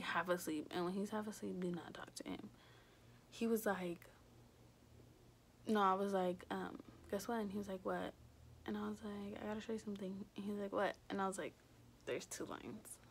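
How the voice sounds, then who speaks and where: A young woman vlogger casually telling a story at home, chatty and animated, full of fillers. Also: medium pitch, slight background noise. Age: young adult.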